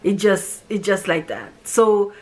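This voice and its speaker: A woman from Haiti talks casually about a film that moved her. Her voice sits at an ordinary middle pitch. She rambles and gets emotional as she acts out the characters' lines. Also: sing-song, slow pace, darkish tone. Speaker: movie reviewer.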